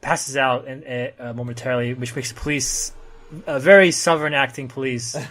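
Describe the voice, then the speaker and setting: A man on a casual podcast walks through a comic book's plot. He pauses often on "uh" as he goes. His voice sits at an ordinary middle pitch. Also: fairly even intonation, fairly bright tone. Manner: retells the plot with frequent "uh" pauses. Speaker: podcast co-host summarizing a comic. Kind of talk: casual chat.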